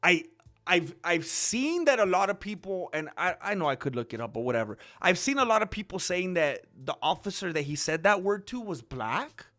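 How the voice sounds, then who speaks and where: A young man with a high, very lively voice, rambling through an offhand commentary with frequent restarts. His tone is bright and a bit sharp, and faint music sits beneath him. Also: moderate pace. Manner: rambling, with many restarts and fillers. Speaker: commentary channel host. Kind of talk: casual opinion commentary.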